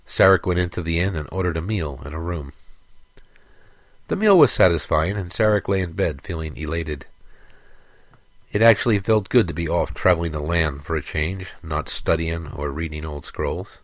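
Deep-voiced man narrating a fantasy. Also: no echo. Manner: steady, measured storytelling.

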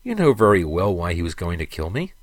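Slow, weary young male guard, read by a man, low-pitched. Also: big pitch swings, no echo. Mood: exasperated.

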